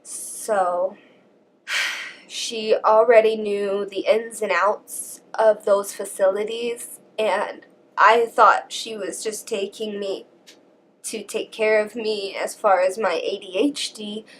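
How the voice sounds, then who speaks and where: A young woman vlogger telling a painful personal story, halting and emotional, her voice shaky and often near tears. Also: medium pitch, steady tone, fairly bright tone.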